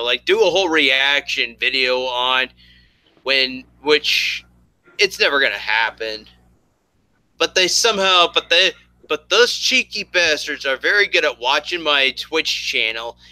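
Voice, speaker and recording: Brash man with a sharp, bright voice. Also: medium pitch, dry recording, rough recording. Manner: profane, ranting, laughs a lot. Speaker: podcast co-host. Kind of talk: casual gaming chat.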